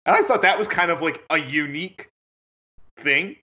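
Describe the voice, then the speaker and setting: A man's voice: on the high side, animated, moderate pace, bright, forceful tone, muffled recording. A man hosting a podcast, asking rambling questions full of fillers in a casual interview. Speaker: podcast host.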